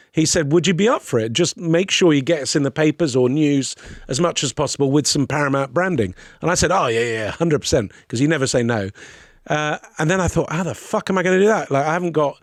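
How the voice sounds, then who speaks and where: A brisk man, a podcast guest, spins animated, sweary stories in a raised, fairly high voice. The sound is dry and close, with no room echo, and he keeps piling on asides and quoted exchanges. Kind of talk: casual storytelling chat.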